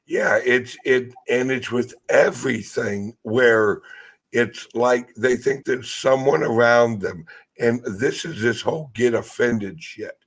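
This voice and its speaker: Slow, gravelly, husky-voiced man. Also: medium pitch. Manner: blunt and profane, with hesitant restarts. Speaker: podcast host. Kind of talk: casual podcast conversation.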